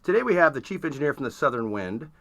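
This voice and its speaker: A man hosting a podcast, asking eager, quick questions in a casual interview. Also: medium pitch, big pitch swings, a bit bright. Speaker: podcast host.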